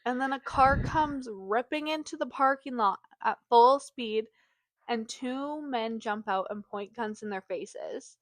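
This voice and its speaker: A woman's voice: on the high side, a little slow, no echo. A woman co-hosting a book podcast, retelling a plot in a chatty way with lots of fillers. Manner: chatty, heavy use of "like", animated when acting out quotes. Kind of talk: casual chat, retelling a plot.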